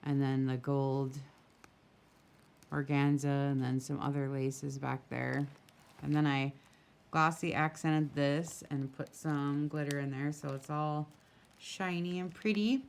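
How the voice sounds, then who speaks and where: A woman's voice: low voice, fairly even intonation, slow pace, a little mellow, clean tone. A woman who runs a craft shop, casually chatting as she flips through a handmade journal, gushing and full of small asides, recorded outdoors in a breeze on a camera mic.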